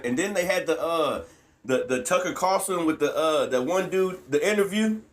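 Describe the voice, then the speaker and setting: A man with a fairly high, slightly bright voice reads scripture aloud and comments on it with growing fervor. His manner is preachy, he laughs often, and he keeps ending lines with "man."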